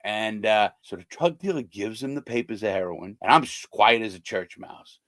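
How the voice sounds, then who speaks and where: A blunt older man hosting his own channel, speaking in a fairly low voice. He talks casually and swears freely, acting out the people in his stories. The sound is dry and close, with no room echo. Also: normal speed, a bit bright. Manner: blunt, conversational, swears, acts out quoted people. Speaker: host, former prisoner. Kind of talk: casual monologue to viewers.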